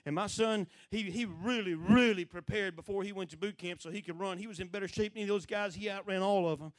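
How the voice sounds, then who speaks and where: A middle-aged man preaching, telling a story with lively acted-out voices. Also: sits high, fast, dry recording. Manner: animated storyteller who acts out quoted voices. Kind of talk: sermon storytelling.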